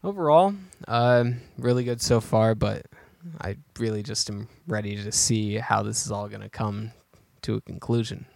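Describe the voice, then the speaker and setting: A man's voice: lowish voice, moderate pace, vocal fry, a little mellow, no echo. A man co-hosting a podcast, chatting casually and thinking aloud as he goes, with many restarts. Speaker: podcast co-host. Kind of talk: casual chat.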